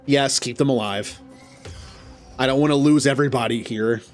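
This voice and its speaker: Excitable man commentating gameplay. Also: mid-range voice, moderate pace, soft background music. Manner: excitable, yelps loudly at setbacks; talks to the game characters. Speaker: gaming channel host.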